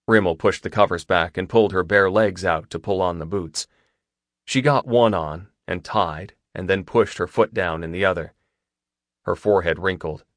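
Deep-voiced man narrating a romance. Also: moderate pace, dry recording. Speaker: audiobook narrator. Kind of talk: first-person romance narration.

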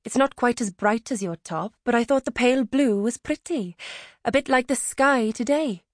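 A woman voicing a playful, fond adoptive mother with a Welsh accent, teasing gently in an audiobook. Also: fairly high pitch, moderate pace, no room sound, studio quality, voice pushed up, close to an everyday voice. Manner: bright and teasing. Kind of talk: audiobook character reading.

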